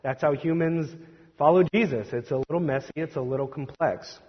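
A man preaching a conversational sermon, animated and acting out the voices of the people he quotes. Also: on the high side, moderate pace, husky. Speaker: pastor. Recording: dull roomy recording with long reverb.

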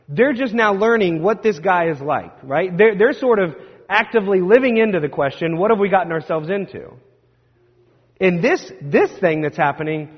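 A man's voice: mid-range voice, slightly rough. A man preaching a sermon in a conversational, storytelling way, often checking in with "right?". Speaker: pastor. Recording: dull sound with long hall reverb.

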